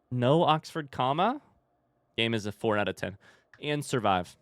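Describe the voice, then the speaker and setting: Dude streaming a horror game, wry jokes n swearing, voice jumps all over. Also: male voice, mid-range voice, expressive, measured pace, a bit bright, dry recording. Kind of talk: casual let's-play commentary.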